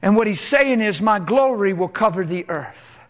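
A man preaches an impassioned sermon in a church, posing rhetorical questions and swinging between loud and hushed delivery. His voice is high-pitched and animated, at a moderate pace.

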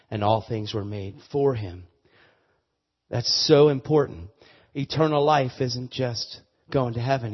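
A man preaching a sermon with a personal testimony, stumbling and repeating words, then building to loud emphatic preaching. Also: lowish voice, breathy edge, long reverb tail. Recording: muffled lo-fi sermon recording.

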